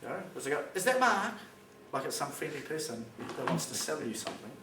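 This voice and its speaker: A man's voice: medium pitch, fast talker. A man with a New Zealand accent giving a plain-spoken, emphatic public talk to an audience in a school hall. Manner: emphatic, plain-spoken, acts out phone calls. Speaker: public speaker. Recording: echoey hall recorded from a distance with background noise.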